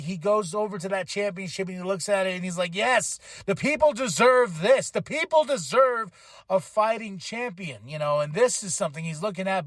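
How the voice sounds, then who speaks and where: A man's voice: high-pitched, no echo, clean studio sound. A man hosting a podcast, giving a casual, rambling wrestling recap and acting out what people said. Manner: rambling, animated, acts out quotes. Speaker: podcast host.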